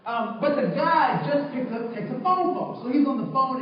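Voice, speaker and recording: High-voiced man telling a story in an echoing hall. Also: normal speed, a crowd in the background. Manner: animated, acts out the people in his story; conversational, checks in with the audience. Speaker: diversity trainer and speaker. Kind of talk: storytelling talk to a live audience. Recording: very echoey hall, far from the mic, lo-fi.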